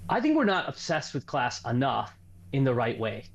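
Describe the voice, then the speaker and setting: A man's voice: mid-range voice, big pitch swings, moderate pace, vocal fry, highs cut off, a little hiss or hum. A man taking part as an academic guest in a studio interview, arguing his points earnestly. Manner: earnest, argumentative.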